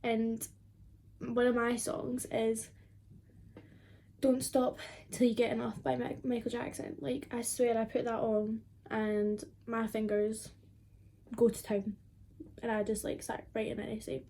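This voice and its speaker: A woman's voice: a little high, little pitch movement, a little slow, vocal fry, pauses often, dark tone. A twenty-year-old woman, chatting casually and rambling with lots of fillers while doing her makeup at home. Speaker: beauty vlogger.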